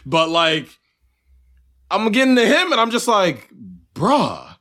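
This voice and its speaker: A young man with a fairly high voice co-hosts a podcast and chats casually. He swears freely and acts out his reactions, jumping between muttered asides and loud bursts. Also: sing-song, unhurried. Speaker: podcast co-host. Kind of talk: casual chat.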